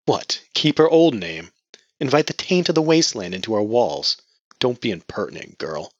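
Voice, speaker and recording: A man's voice: lowish voice, expressive, brisk, a bit bright, slightly rough, no room sound, highs cut off. A man reading a stern, domineering patriarch who speaks with cold contempt. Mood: scornful. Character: stern domineering male cult patriarch, middle-aged.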